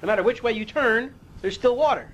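High-voiced man teaching Psalms verse by verse. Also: animated, fairly quick, a bit bright, muffled recording, a little hiss or hum. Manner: explains Hebrew verses with casual asides, loses his place. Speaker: Torah teacher.

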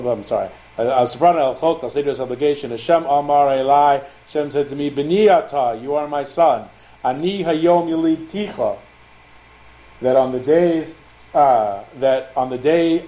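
A man's voice: medium pitch, warm tone, poor audio. A man teaching a Torah class, translating Hebrew verses line by line and acting out the dialogue with animation.

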